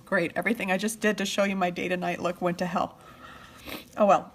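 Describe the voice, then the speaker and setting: A middle-aged woman chatting on a live stream while doing her makeup, heartfelt and at times tearful, often trailing off soft. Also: fairly low pitch, level tone, fairly quick, a little hiss or hum. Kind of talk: emotional live chat. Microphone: phone or webcam live stream.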